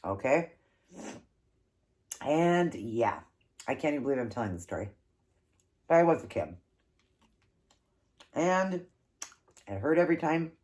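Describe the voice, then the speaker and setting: A woman's voice: very deep voice, sing-song, unhurried, pauses often, darkish tone. A woman hosting an eating show, casually telling an embarrassing story and laughing often.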